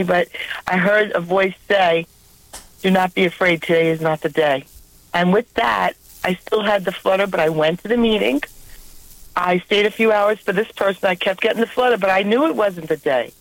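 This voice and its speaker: A woman's voice: mid-range voice, dry recording, poor audio. A woman caller with a New York accent telling a personal faith story on a call-in radio show, earnest and heartfelt. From New York area. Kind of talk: call-in testimony.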